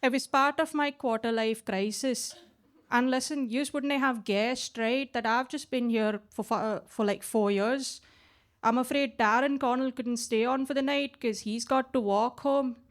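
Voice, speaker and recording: Woman, late twenties, from India, twang, stand-up comic, chatty, slightly high voice, stage mic. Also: steady tone, a little slow. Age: late 20s. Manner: chatty, tags lines with "right?". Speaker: stand-up comedian. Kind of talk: stand-up comedy set. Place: basement comedy club.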